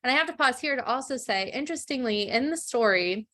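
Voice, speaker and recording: A woman podcast co-host retelling a fairytale in casual chat. She is animated and chatty, laughing easily. Her voice is somewhat high. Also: fast talker.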